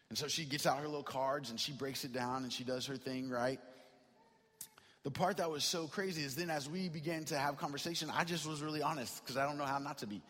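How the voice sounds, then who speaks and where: A man's voice: on the high side, fairly bright tone. A man preaching a sermon as a pastor, telling a personal story in a conversational way that builds to impassioned emphasis. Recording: long hall reverb.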